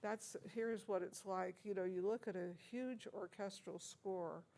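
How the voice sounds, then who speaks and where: A woman's voice: medium pitch, steady tone, measured pace, mellow. An older American woman being interviewed as an organist and teacher, telling stories in a chuckling, anecdotal way with many hesitant restarts. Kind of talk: reminiscing interview talk.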